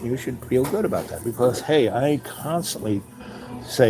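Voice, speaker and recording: A man's voice: medium pitch, animated, normal speed, a little mellow, faint music behind. A man hosting his own show, talking in a loose, meandering monologue full of "you know" asides, sometimes acting out little conversations. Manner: acts out little dialogues with raised voice. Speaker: show host. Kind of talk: rambling casual monologue.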